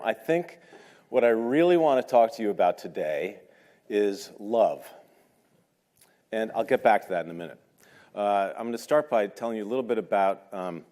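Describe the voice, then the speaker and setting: A man's voice: lowish voice, darkish tone. A man in his fifties telling personal stories at a talk, conversational and hesitant, with self-deprecating humor. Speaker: speaker at a talk. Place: large lecture hall. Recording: long hall reverb.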